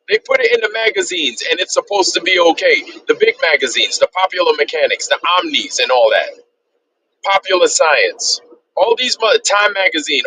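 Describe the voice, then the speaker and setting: A man's voice: high voice, huge pitch swings, a little fast, noisy background. A man streaming a heated, profane monologue, repeating himself and swearing as he rants. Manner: heated, profane, repetitive ranting. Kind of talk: ranting livestream monologue.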